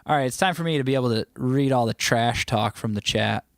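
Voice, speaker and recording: Man, American, livestream host, casual playful chat, middle pitch, dry close sound. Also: fairly quick, dry recording. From United States. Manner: playful, joking, breaks into bits of song. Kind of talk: casual livestream chat reading viewer comments.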